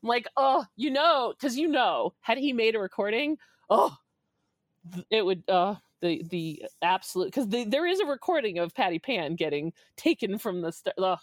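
A woman in her forties, a podcast guest, telling a story in a lively, laughing way and acting out the quotes. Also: normal speed, dry recording, studio quality. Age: 40s. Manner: lively, laughing, acts out quotes with big pitch jumps. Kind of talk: animated storytelling.

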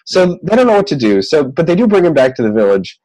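Man, podcast co-host, lively up-and-down delivery, jokey and rambling. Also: a little high, quick pace, low-quality recording. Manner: animated, joking, rambling with frequent laughs. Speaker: podcast co-host recapping a film. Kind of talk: casual chat.

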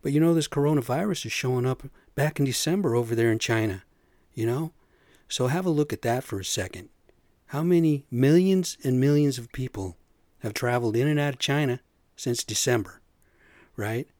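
With lively intonation and a darkish, medium-pitched voice at a moderate pace, a podcast host rants casually, leaning on "man" and "you know." He is a construction superintendent from the US Pacific Northwest, and the studio-quality recording has no echo.

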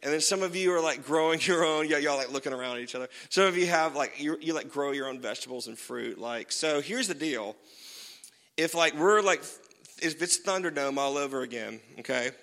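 A man's voice: on the high side, fairly quick, fairly bright tone, long reverb tail. A man preaching a sermon as pastor, casual and joking, with many fillers.

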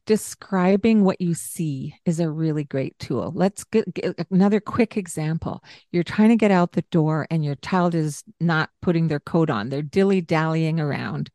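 Calm woman giving parenting advice. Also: low voice, normal speed, few pauses, no room sound, studio quality. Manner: calm, explanatory, acts out gentle parent lines. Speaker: parenting podcast co-host. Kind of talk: conversational advice.

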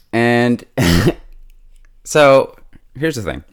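Low-voiced chatty man recapping a show. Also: normal speed, clean tone, dry recording, clean studio sound. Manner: relaxed, chatty, laughs often, heavy use of "like" and "yo". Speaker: TV show reviewer. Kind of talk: casual episode recap and review.

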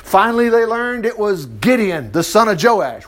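Middle-aged guy preaching, reads scripture then jokes about it, voice high and bouncy. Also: normal speed. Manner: animated, chuckling commentary. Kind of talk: Bible reading with lively asides.

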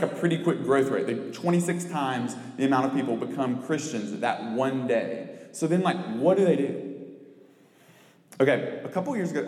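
A man's voice: mid-range voice, darkish tone. A young man, a campus minister, giving a sermon in a casual, self-mocking storytelling way, full of "like". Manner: chatty, self-mocking, lots of "like". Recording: echoey hall, long reverb.

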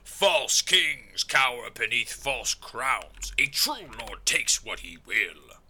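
A man puts on a menacing armored undead warlord from a video game, speaking slowly and with open contempt. The voice keeps a sharp, bright edge and swings widely in pitch as it looms over its victims. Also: sing-song, breathy edge, full character voice. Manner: slow, deliberate, contemptuous delivery.

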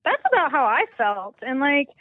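A woman's voice: high-pitched, very animated, normal speed, narrow, tinny audio. A woman from Alaska co-hosting a podcast, reacting to a story with wry jokes in casual chat. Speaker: podcast co-host.

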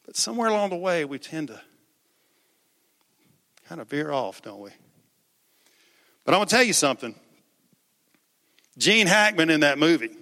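A man's voice: on the high side, sing-song, normal speed, pauses often, sharp tone. A man preaching a sermon in a conversational way, asking the congregation questions and repeating words as he goes. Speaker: pastor. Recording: echoey hall.

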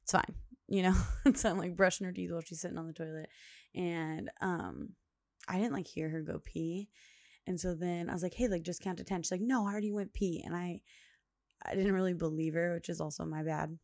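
A young woman chats alone into the mic for her podcast. She rambles along with lots of fillers and small laughs. Her voice sits low and fry-laden, and the sound is close and dry. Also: fairly quick, darkish tone, no room sound. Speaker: podcast host. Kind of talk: casual solo monologue.

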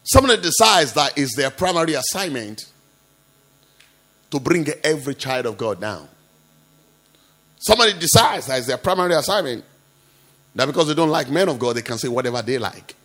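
Male pastor, slightly raised pitch, husky edge; impassioned sermon delivery that leans on rhetorical questions. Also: very animated, brisk, pauses often. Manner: impassioned, swings from quiet asides to loud rebukes.

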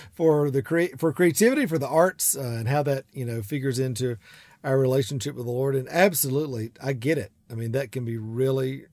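A man's voice: medium pitch, no echo. A man from South Georgia with a Southern accent, hosting a podcast from his studio in a chatty, rambling way. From South Georgia, USA. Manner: warm, chatty, rambling with fillers and laughs. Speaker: podcast host and artist mentor. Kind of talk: casual podcast chat. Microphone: studio microphone.

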